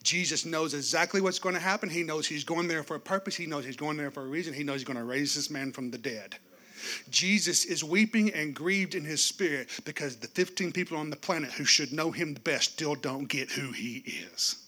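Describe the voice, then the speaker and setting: A man preaching a sermon, swinging from loud declarations to hushed, quiet passages. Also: fairly high pitch, a little fast. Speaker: pastor.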